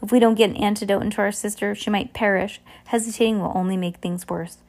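A woman's voice: mid-range voice, fairly even intonation, fast, a little mellow, lightly acted. A woman voicing an anxious, bookish teenage boy, speaking tensely and sadly. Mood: angry. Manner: tense, sad.

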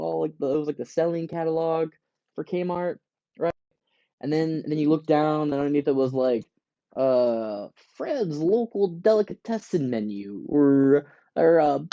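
Man, podcast host, casual profane rant, mellow dark tone, dull lo-fi audio. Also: on the high side. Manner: profane, animated, acts out voices of companies and shoppers.

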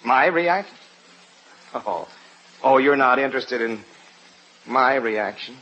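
An actor playing a vain, bossy husband who rambles in comic bluster, in 1940s radio comedy style. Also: male voice, mid-range voice, lively intonation, takes it slowly, sharp tone, slight background noise. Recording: muffled old radio broadcast.

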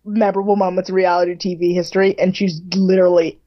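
With a lowish voice that barely moves in pitch, this woman talks fast as a podcast co-host recapping a reality TV show. Her chat is casual, with frequent "like" fillers and offhand swearing, heard through slightly muffled lo-fi audio.

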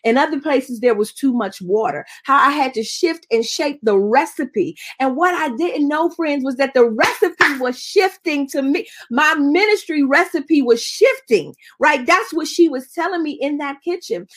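A woman minister tells her story in an expressive, conversational way. Her voice sits a little higher than most women's. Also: normal speed, few pauses. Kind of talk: personal testimony in conversation.

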